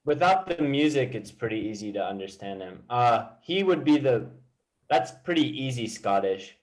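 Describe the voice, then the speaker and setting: Patient American English teacher. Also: male voice, mid-range voice, expressive, moderate pace. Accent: General American. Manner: patient, explanatory, many fillers. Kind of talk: one-to-one online lesson.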